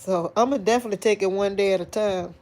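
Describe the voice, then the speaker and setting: A woman's voice: mid-range voice, darkish tone. A grieving adult woman, speaking to her online viewers in a tearful, rambling live-stream monologue, sighing, her voice breaking into crying. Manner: rambling, halting restarts, addresses audience as y'all. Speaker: vlogger talking to online viewers.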